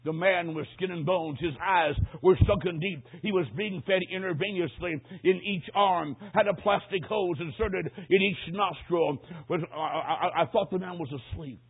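A man preaching a sermon, telling a story with dramatic swings from hushed to shouted. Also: high-pitched, normal speed, hardly any pauses, husky. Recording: tinny phone-like lo-fi recording.

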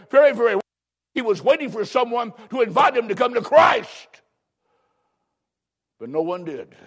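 A man preaching a revival sermon, urgent and emphatic, swinging from shouted lines to hushed ones. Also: high voice, gravelly.

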